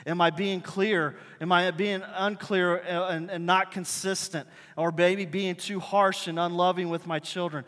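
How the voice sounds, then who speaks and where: A man's voice: high voice, measured pace, hardly any pauses. A man preaching a conversational sermon, telling stories and acting out the dialogue in them. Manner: animated storytelling, acting out dialogue. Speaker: pastor. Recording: long reverb in a large hall.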